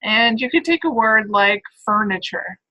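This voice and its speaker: A woman's voice: medium pitch, expressive, unhurried, pushed and bright, highs cut off. A woman giving a recorded phonetics lecture, explaining step by step and checking in with "right?" and "all right.".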